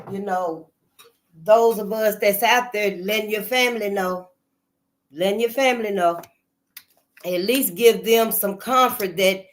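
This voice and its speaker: A woman at a middle pitch, speaking as a channel host in relaxed, unscripted commentary. Her delivery is loose and conversational, with phrases doubled back on and sentences left hanging. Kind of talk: casual spoken commentary.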